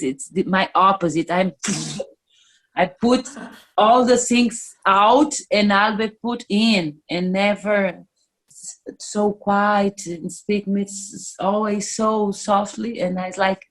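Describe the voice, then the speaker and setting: Slow, halting woman. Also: mid-range voice, fairly even intonation. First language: Portuguese. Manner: searching for English words, halting and frank. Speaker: musician interviewee. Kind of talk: casual interview.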